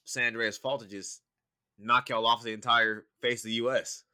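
Bright-voiced young man, casual and profane. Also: mid-range voice, flat delivery, normal speed, clean tone. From California. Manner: laid-back, profane storytelling with many fillers. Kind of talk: casual chat.

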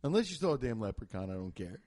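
A man's voice: medium pitch, very animated, fast talker, a crowd in the background. A man co-hosting a podcast in casual chat, teasing and sarcastic with his partner. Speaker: podcast co-host.

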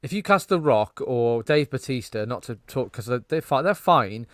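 A man's voice: mid-range voice, expressive, moderate pace, a bit bright, no echo. A man chats through a cheesy film on a podcast. He rambles and swears, and the close mic is dry and free of room sound. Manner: rambling, swearing, laughing at his own jokes. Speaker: podcast co-host. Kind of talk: casual film-review chat.

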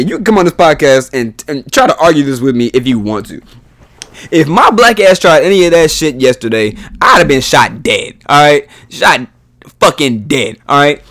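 A man's voice: on the high side, fairly bright tone. A man hosting a podcast, ranting in a profane, exasperated way, his voice jumping up when he gets heated. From United States. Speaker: podcast host. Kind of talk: solo podcast rant.

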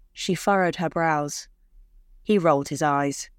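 A woman telling a short story in scripted, measured narration. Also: lowish voice, no room sound, studio quality.

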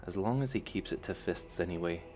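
A man's voice: deep voice, fairly quick, darkish tone, slight background noise, close to an everyday voice. A man reading a novel aloud, voicing an easygoing, confident young man who speaks in a casual, matter-of-fact way.

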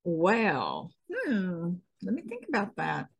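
A woman's voice: fairly low pitch, huge pitch swings, creaky, slightly rough. A middle-aged woman with a Southern US accent, a stunt woman chatting as a guest in an easygoing, folksy way with frequent chuckles. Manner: unhurried, folksy, chuckles often. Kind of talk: casual interview chat.

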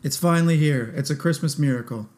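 A man's voice: on the high side, quick pace, a little mellow. A man co-hosting a podcast in casual chat, easygoing and playful. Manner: easygoing, playful, laughs along. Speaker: podcast co-host.

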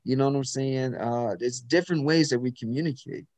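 A man's voice: mid-range voice, a little fast, a little mellow. A man in a casual chat, talking emphatically and telling a story about work. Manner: emphatic, storytelling, frequent "you know what I'm saying".

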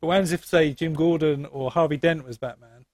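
A man's voice: on the high side, fairly even intonation, a little fast, darkish tone. A man co-hosting a podcast, chatting casually about a film, laughing often and filling his talk with ums and likes. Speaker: podcast co-host.

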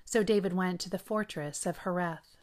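A woman hosting a daily Bible reading, reading scripture in a measured way with brief asides. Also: fairly low pitch, darkish tone.

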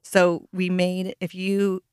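Lower-voiced woman, chatty comedian. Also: completely flat delivery, slow, darkish tone, clean tone, no echo, studio quality. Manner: chatty, rambling. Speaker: podcast co-host, comedian. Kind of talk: casual chat.

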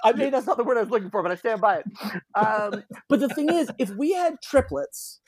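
Man, 40s, podcast co-host, wry, laughs a lot, very animated pitch, dry close mic. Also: a little fast, no room sound. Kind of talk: casual chat.

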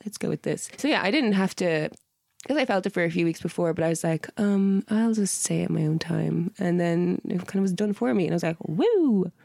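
A woman's voice: fairly low pitch, brisk, gravelly, a little mellow, dry recording. Woman telling a chatty anecdote, dry sound. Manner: chatty anecdote-teller who quotes herself and others. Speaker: podcast co-host. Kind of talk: casual chat.

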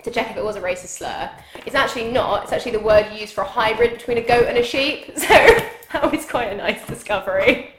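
A woman's voice: a little high, a little fast. A young woman co-hosting a podcast, reviewing a film in blunt, sweary, exasperated casual chat. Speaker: podcast co-host. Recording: roomy sound with crowd noise behind.

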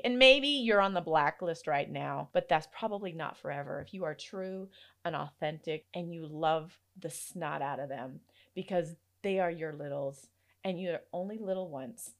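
A woman in her thirties, a podcast host, telling a candid personal story in an animated way and laughing often. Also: mid-range voice, measured pace.

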